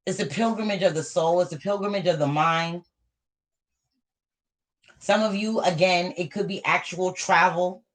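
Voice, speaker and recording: A fairly low-pitched woman reads tarot for live viewers at a moderate pace, pausing often. She repeats her messages to underline them, sounding motivational and affirming.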